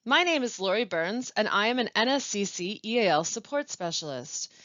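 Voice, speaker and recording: A woman who works as a language support specialist, presenting a pronunciation webinar with clear, deliberate teaching and careful pauses. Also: mid-range voice, lively intonation, fairly bright tone, no echo. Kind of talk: instructional webinar narration. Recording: dull, lo-fi dry voice-over.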